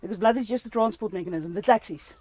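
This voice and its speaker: A woman's voice: mid-range voice, fast talker, darkish tone, breathy edge, dry recording. Woman, CPR instructor, playful, laughs a lot, teacherly questions. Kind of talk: hands-on first-aid class.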